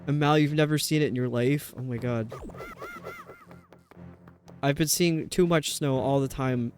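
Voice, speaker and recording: A man's voice: mid-range voice, darkish tone. Chatty male streamer, faint game music. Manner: rambling, chatty, reads chat aloud. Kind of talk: casual chat while gaming.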